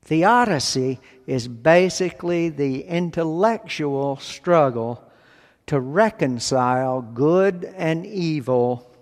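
Guy preaching slow n steady, slightly high voice, big church echo. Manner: slow, deliberate phrasing with long pauses. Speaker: pastor. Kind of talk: sermon. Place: church sanctuary. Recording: long hall reverb.

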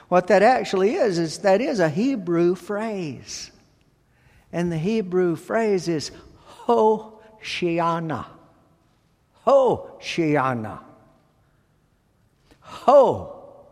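A man preaches in a slow, deliberate way, stressing key words and pausing often. His voice sits a little high for a man. The sound rings with the long reverb of a large hall. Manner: deliberate, emphatic preaching with pauses. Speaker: pastor. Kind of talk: sermon.

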